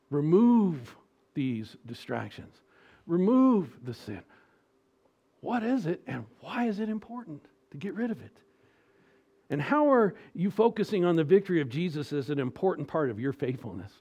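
A middle-aged male pastor delivers a sermon, swinging between hushed, almost whispered reassurance and loud, emphatic exhortation. His voice is mid-range with a breathy edge.

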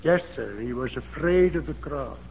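A man's voice: a little high, lively intonation, normal speed, gravelly, a little mellow. A man preaching a sermon, emphatic and repetitive, with fervent exclamations. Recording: dull old sermon tape in a reverberant hall with faint hiss.

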